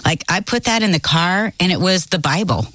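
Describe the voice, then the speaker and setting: A middle-aged woman co-hosting a faith talk show, recalling her own days as a young mother in an animated way. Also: on the low side, normal speed, no room sound.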